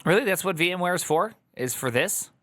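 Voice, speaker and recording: A man giving casual, joking live-stream commentary while reacting to a video, jumping up in pitch when excited. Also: normal speed, soft background music.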